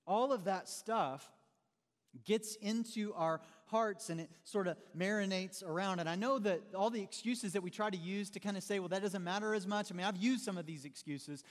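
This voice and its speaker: High-voiced preacher in a reverberant hall. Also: male voice, moderate pace. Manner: conversational, animated, calls listeners "man". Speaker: pastor. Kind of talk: sermon.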